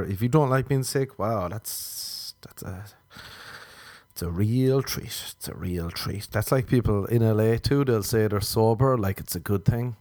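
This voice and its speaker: A man's voice: lowish voice, a little mellow, no room sound, studio quality. A man, delivering a self-mocking comic monologue. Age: 30s. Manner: ranting, self-mocking, acts out his own inner voice. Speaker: comedian.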